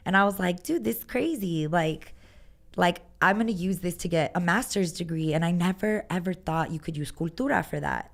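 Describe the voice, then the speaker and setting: A woman tells her stories in a lively, casual way, peppering them with "like" and playing out quoted voices. Her voice sits a little low for a woman. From Texas. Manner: animated storyteller, lots of "like", acts out quotes. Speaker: guest musician. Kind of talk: casual chat.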